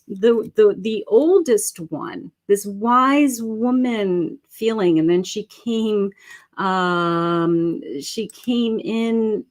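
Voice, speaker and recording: A middle-aged woman giving live tarot readings as a psychic medium, talking in a halting way with many fillers and calling viewers sweetheart and honey. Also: on the high side, a little mellow. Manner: slow, halting, with many fillers and terms of endearment. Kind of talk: live-stream card reading.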